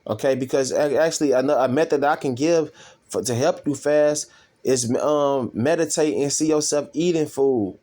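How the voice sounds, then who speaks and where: A man casually reading and commenting on scripture as a self-styled preacher, rambling and profane, with drawn-out fillers. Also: on the high side, dark tone.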